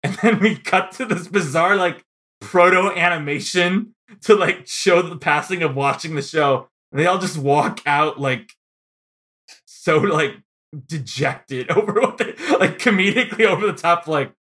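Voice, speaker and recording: A man co-hosting a podcast, chatting casually about old movies with lots of fillers and quick laughs. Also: on the high side, a bit bright. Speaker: podcast co-host. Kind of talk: casual film discussion.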